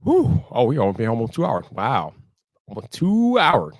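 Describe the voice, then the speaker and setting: A man hosting a casual live stream, talking in an animated way, repeating himself and ranting loudly when annoyed. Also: medium pitch, normal speed, no room sound, studio quality.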